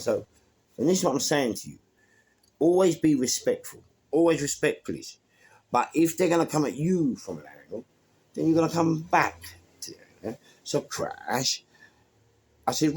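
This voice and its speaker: Pausing often, a middle-aged London man talks at a moderate pace in a mid-range, slightly breathy voice. The English storyteller relates a casual anecdote to camera, lively as he acts out everyone's lines in the exchange.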